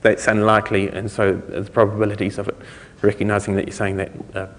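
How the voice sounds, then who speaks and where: Speaking fairly fast in a fairly low monotone, a man presents a technical conference talk, covering his ideas conversationally. Long reverb from the hall fills the recording.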